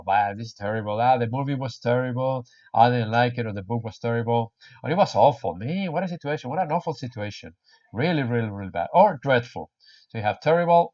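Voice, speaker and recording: A man teaching an English lesson online, jokey and animated, repeating words slowly for learners. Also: medium pitch, muffled recording. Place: home or small room in Spain.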